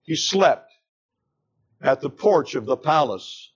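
Slow, dramatic male preacher, lo-fi. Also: a little high, lively intonation, husky. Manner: dramatic, deliberate storytelling. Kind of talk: sermon retelling a scripture story. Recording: dull lo-fi recording.

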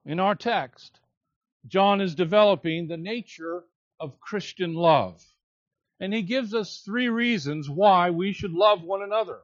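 Delivering an expository sermon, a male pastor takes his time, drawing out and stressing the important words. He has a fairly high voice for a man. The sound is dull and lo-fi, dry, with no echo.

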